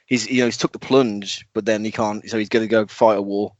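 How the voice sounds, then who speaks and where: A man's voice: on the low side, brisk, no echo. A man co-hosting a podcast, joking animatedly about a film. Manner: jokey, animated, doing mock impressions. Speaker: podcast co-host. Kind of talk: casual film-review chat. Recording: dry, dull lo-fi podcast audio.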